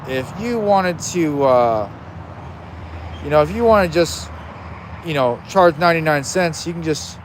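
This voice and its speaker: Guy livestreaming outside by his smoker, bit high voice, cussing and chatting with chat, traffic noise in the back. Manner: blunt and profane, chatty with viewers. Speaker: livestream host. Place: outdoors by a smoker.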